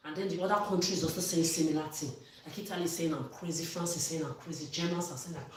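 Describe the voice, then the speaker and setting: A woman's voice: low-pitched, fairly even intonation, fast. A woman vlogger delivering an angry, accusatory monologue, swearing and often raising her voice. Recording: echoey room, far from mic.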